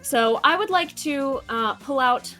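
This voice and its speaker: A woman's voice: sits high, lively intonation, bright, forceful tone, faint music behind. A woman playing in a tabletop game, playful and dramatic in her casual talk. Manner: playful and dramatic, quick laughs. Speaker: player.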